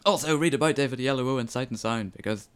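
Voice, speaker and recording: A man's voice: mid-range voice, quick pace, a bit bright, smooth. A man giving a casual, chatty film review on a podcast, full of ums and restarts.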